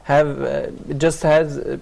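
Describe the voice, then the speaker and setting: A man's voice: on the high side, level tone, unhurried, gravelly, a little mellow. A man from Egypt with an Egyptian Arabic accent, a native Arabic speaker, talking as a panel guest and searching for his words. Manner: hesitant, many fillers, searching for words.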